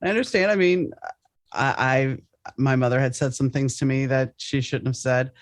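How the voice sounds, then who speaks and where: A woman hosting a podcast, chatting casually in a rambling, animated way with many restarts. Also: extremely low pitch, normal speed, no echo. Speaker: podcast host. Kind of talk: casual interview chat.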